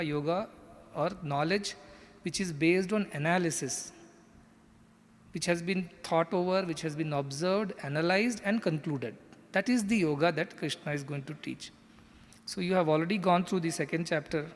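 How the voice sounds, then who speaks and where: A man's voice: on the high side, big-room sound. A man giving an earnest scripture lecture, explaining step by step. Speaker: scripture teacher.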